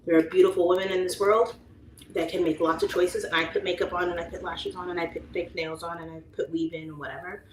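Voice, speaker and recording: A woman's voice: lowish voice, fairly even intonation, quick pace. A woman in her late thirties hosting a livestream, casually chatting and reading viewer comments aloud, laughing often. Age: 30s. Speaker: livestream host. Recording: echoey room with faint ambient noise.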